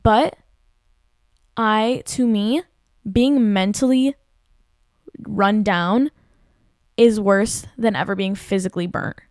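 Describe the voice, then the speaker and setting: A woman in her twenties hosting a podcast, telling a work story in casual chat, venting and animated with lots of "like". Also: mid-range voice, slow pace, long pauses, dry recording, studio quality. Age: 20s. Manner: venting, animated, heavy use of "like". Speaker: podcast host.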